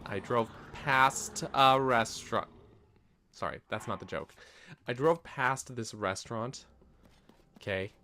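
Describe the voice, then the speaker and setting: A man's voice: lowish voice, unhurried, long pauses, a bit bright, slight background noise. A man casually chatting while playing a video game on stream, joking about how words are said and laughing at himself often. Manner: playful, self-mocking, laughs often. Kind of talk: casual gameplay commentary.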